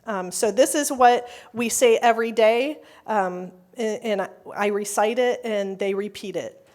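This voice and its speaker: In a slightly high, unhurried, somewhat mellow voice, a woman gives a conference talk on the school she started. She's chatty and heartfelt, sometimes emotional, laughing often and using plenty of fillers.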